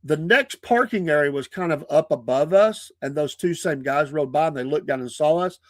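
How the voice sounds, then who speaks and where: A man, a podcast host and preacher, telling stories in a casual, animated way, often breaking into laughter. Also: on the high side, normal speed, dry recording. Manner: animated, laughing often, acting out quoted people.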